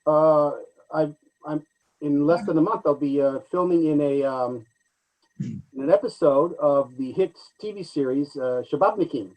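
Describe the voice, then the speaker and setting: Chatty man, slightly high voice. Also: unhurried, rough recording. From United States. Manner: animated, chatty storyteller with frequent fillers. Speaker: actor guest. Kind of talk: casual interview chat.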